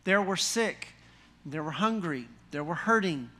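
A man preaching a sermon in a folksy, animated way, full of rhetorical questions and wry humor. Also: on the high side, measured pace. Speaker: pastor.

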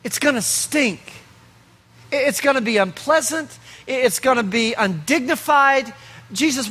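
Bright high-voiced male pastor preaching. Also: slightly rough. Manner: preaching with rhetorical questions and pauses. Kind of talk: sermon.

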